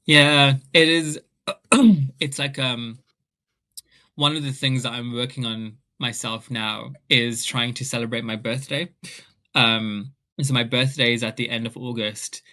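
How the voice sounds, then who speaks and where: A man, an author being interviewed, telling personal stories in a lively, animated way. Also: medium pitch, a little slow. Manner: animated, acts out family members' voices. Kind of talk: casual storytelling in an interview.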